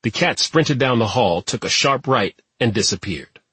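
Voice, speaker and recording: A man narrating an audiobook at a steady, even pace. His voice is mid-pitched with a noticeably husky, breathy grain. The recording is dry and close, with no room sound. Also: normal speed, dry recording. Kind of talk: scripted narration.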